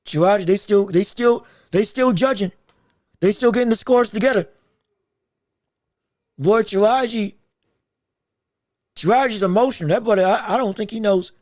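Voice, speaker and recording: A man with a very high voice hosts a livestream commentary on a boxing decision. He speaks excitably, repeats phrases over and over, and breaks into shouts. His voice is recorded dry and close, with no room sound. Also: normal speed, long pauses, dry recording. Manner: greets viewers from the live chat. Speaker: podcast host reacting to a boxing decision on a livestream. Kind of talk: live fight commentary and chat.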